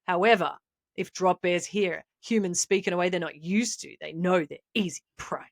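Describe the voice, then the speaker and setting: A woman's voice: lowish voice, normal speed, creaky, no room sound, clean studio sound. An Australian woman co-hosting a podcast, telling a comedic tale with playful mock-serious delivery. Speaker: podcast co-host.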